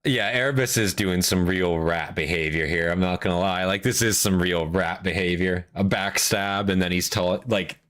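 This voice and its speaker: Man, deep voice, casual reaction commentary, rambling, excitable, profane. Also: moderate pace, hardly any pauses. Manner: excitable, swears freely, rambling with restarts. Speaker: reaction streamer.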